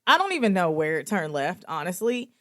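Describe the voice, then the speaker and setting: Animated woman podcast host, dry close mic. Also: brisk, no echo. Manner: animated, acts out quoted dialogue with big pitch jumps. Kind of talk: candid conversational storytelling.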